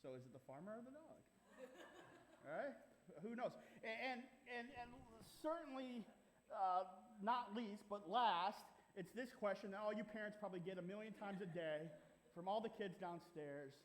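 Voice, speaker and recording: A man's voice: sits high, lively intonation, normal speed, slight background noise. A man preaching a sermon as pastor, playful and conversational, putting questions to the congregation in a church sanctuary. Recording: live hall reverb.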